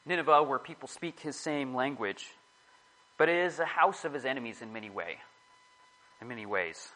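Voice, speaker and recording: A man's voice: medium pitch, expressive, moderate pace, sharp tone, poor audio. A man giving a casual, rambling sermon to a small group, often correcting himself as he talks. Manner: rambling, self-correcting, chatty.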